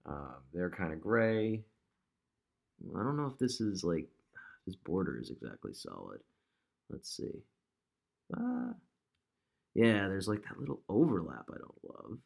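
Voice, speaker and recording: Male tutor, low and gravelly, casual, thinks out loud while designing. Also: huge pitch swings, unhurried, pauses often. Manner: thinks aloud, chatty, talks to objects on screen. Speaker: digital marketer demonstrating ad design. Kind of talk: casual screen-recording tutorial.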